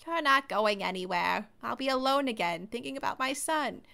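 A woman voicing a kind, frail old grandmother in a game, with a soft motherly manner. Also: a little high, lively intonation, normal speed, creaky, full character voice. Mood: soft sad. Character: kind frail old granny, gentle and doting. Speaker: game voice reader.

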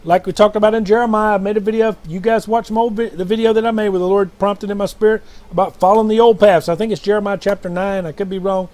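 A fast-talking man with a high-pitched, darkish voice and fairly even intonation preaches alone at night. Styling himself a prophet and preacher, he recounts a dream in a fervent, repetitive, rambling manner, often crying out to "brothers and sisters."

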